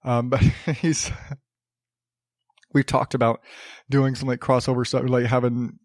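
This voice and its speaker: A man's voice: mid-range voice, level tone, unhurried, no echo, clean studio sound. A man hosting a solo podcast, rambling casually with many fillers, restarts and swearing. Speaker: podcast host.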